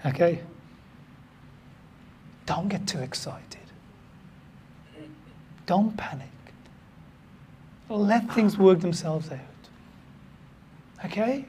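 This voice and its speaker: A pastor from the United Kingdom, preaching a sermon in an excitable, animated way with sudden jumps in pitch and loudness. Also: extremely slow, pauses often, slight background noise.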